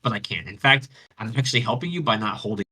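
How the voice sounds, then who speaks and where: A man's voice: fairly low pitch, lively intonation, fast, pushed and bright, husky, recorded from a distance, heavily acted. A man voicing a sympathetic goddess who talks in an apologetic, hedging way. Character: sympathetic but unhelpful goddess, female.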